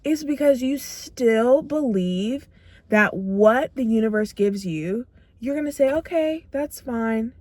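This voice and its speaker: Young woman vlogger, fairly high voice, dry close sound; emphatic motivational talk, punchy repetition, acts out her own inner dialogue. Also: lively intonation, slow, a little mellow, no room sound. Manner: emphatic, repeats phrases for punch. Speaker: self-growth vlogger.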